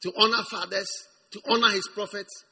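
High, piercing, husky-voiced male preacher. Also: fairly even intonation, fairly quick, a little hiss or hum. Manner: emphatic, repeats words, swings from hushed to shouting. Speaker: pastor. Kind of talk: sermon.

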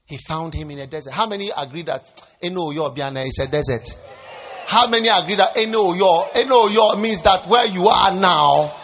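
A man pastor delivering a sermon, preaching with rising shouts and playful asides. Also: high voice, lively intonation, normal speed, a little hiss or hum.

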